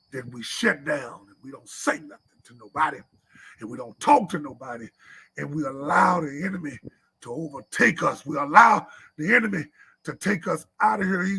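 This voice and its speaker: A man preaches with fervor, repeating his lines and now and then rising to a shout. His voice is high, raspy and gravelly, with a bright, tense edge. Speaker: preacher at a men's church meeting. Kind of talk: sermon. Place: church live stream.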